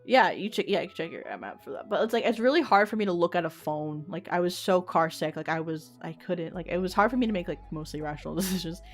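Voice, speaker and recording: A young woman streamer chats through a story in a loose, rambling way, packing her sentences with "like" and dropping casual swear words. Her voice sits a little on the low side for a woman. Soft music plays faintly underneath. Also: fast, few pauses. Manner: rambling, many "like" fillers, swears freely. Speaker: VTuber streamer.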